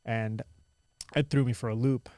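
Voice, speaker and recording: A young man from India who now speaks with an American accent, telling stories as a guest in a casual interview, animated and full of "like". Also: mid-range voice, normal speed, no echo, studio quality. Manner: animated, lots of "like" and "I was like" quotes.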